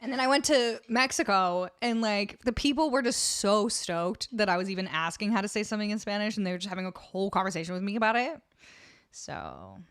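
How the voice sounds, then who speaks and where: A woman's voice: medium pitch, animated, brisk, fairly bright tone, no echo, clean studio sound. A young Canadian woman hosting a music livestream, chatting casually with viewers, often laughing and trailing off mid-sentence. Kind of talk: casual chat with live chat.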